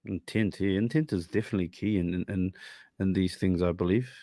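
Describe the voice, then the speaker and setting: A man's voice: deep voice, fairly quick, warm tone, no room sound. Man, podcast host, casual chat, laid-back, joking, dry close sound.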